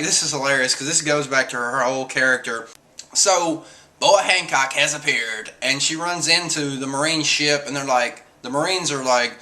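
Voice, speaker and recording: A man's voice: mid-range voice, sharp tone. A man reviewing a comic chapter in a casual, chatty, amused retelling. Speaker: manga reviewer.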